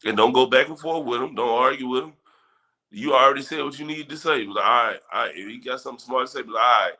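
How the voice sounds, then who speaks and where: A man's voice: medium pitch, fast talker, pushed and bright. Laid-back man hosting a livestream. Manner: laid-back, talks straight to chat viewers. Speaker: livestream host. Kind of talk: casual livestream chat.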